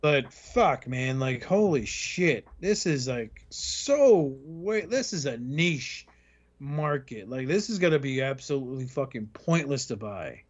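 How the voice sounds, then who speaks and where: A man's voice: mid-range voice, animated, a little slow. A man hosting a podcast, ranting sarcastically and swearing constantly in casual banter. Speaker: podcast host. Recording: slightly muffled lo-fi audio.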